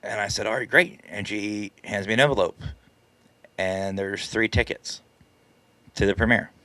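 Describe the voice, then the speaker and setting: Guy telling a story on his stream, lowish voice, dry close sound, laughs a lot. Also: moderate pace, bright, forceful tone, dry recording. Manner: chatty, self-deprecating, laughs often. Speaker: paranormal team leader and live stream host. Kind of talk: casual storytelling on a live stream. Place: live stream setup.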